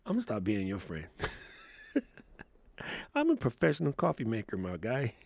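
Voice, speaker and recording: A man's voice: mid-range voice, huge pitch swings, moderate pace, vocal fry, darkish tone, dry recording. A man hosting a casual livestream Q&A, telling stories in a laid-back, slangy way and laughing often. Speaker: host answering live chat questions.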